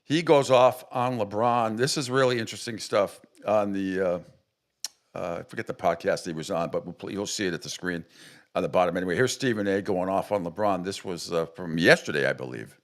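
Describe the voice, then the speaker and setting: A man hosting a sports radio show, talking casually and filling pauses. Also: low voice. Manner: casual, agreeable, with filler pauses.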